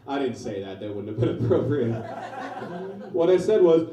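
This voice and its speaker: Deadpan forty-year-old comic, echoey bar. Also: male voice, medium pitch, moderate pace, distant mic. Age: 40s. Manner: deadpan storytelling with loud punchlines. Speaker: stand-up comedian. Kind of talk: stand-up set. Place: small New York comedy bar. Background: audience laughter.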